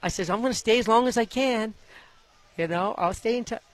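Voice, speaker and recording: A man from Idaho tells stories from his jockey years in a folksy, animated way, acting out the voices of the people in them. His voice sits a bit higher than most men's. He talks like someone sitting for an interview. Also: fairly quick. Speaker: former jockey telling his story. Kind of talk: interview storytelling.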